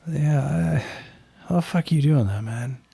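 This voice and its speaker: A man's voice: fairly high pitch, unhurried, gravelly, dark tone, slightly rough, no echo, pitched above the performer's own voice, exaggerated voice. A man doing a bitter, foul-mouthed young scavenger. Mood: blunt. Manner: blunt and profane. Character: bitter young male scavenger driver, crude.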